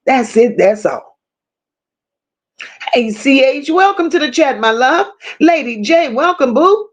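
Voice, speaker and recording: A woman hosts a livestream, casually greeting viewers by name and reading their comments aloud, with affectionate slang and plenty of swearing. Her voice sits high with lively intonation, and she speaks in an unhurried way.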